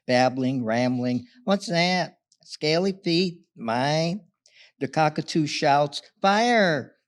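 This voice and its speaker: A man reading his own playful poem aloud at a poetry event, loudly and with voices for his characters. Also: on the high side, expressive, slow. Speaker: local poet.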